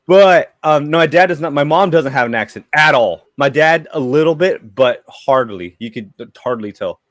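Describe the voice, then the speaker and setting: Easygoing male panelist, slightly higher voice, dry recording. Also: lively intonation, normal speed, no room sound. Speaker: podcast co-host. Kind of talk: casual group chat.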